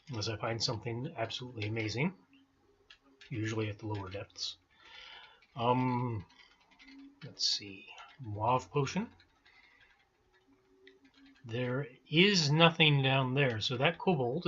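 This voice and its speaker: Man, game commentary, bright clear tone, relaxed thinking aloud, slightly dull recording with faint hiss. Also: medium pitch. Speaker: let's-play host. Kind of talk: casual gameplay commentary.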